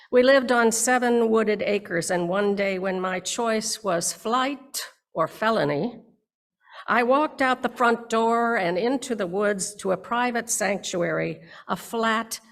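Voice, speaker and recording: An older woman preaches a reflective sermon in a slow, unhurried way. Her voice has a gravelly edge. She gives her readings a measured, dramatic weight. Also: medium pitch. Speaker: minister. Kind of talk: reflective sermon with read poetry.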